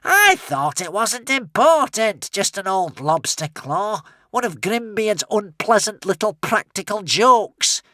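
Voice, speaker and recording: A man's voice: sits high, very animated, takes it slowly, hardly any pauses, pushed and bright, no room sound, voice pushed up, heavily acted. A man reading an audiobook voicing a smug, impatient male villain. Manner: impatient, self-satisfied.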